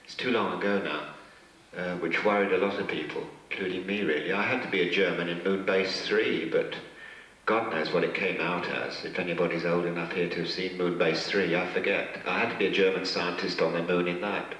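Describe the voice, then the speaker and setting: A man with a low voice recounts stories to a convention crowd in a rambling, halting, self-deprecating way. He sounds distant from the mic, and the hall echoes heavily around him. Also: steady tone, fairly bright tone. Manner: rambling, hesitant, self-mocking, chuckling. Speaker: guest actor at a fan convention panel. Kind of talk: convention Q&A anecdotes. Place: large convention hall with an audience.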